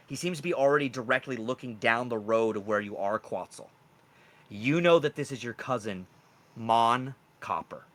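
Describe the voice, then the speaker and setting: Male game master, bright tone, animated storytelling. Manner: animated, with jumps in pitch and loudness. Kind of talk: narrating a tabletop game.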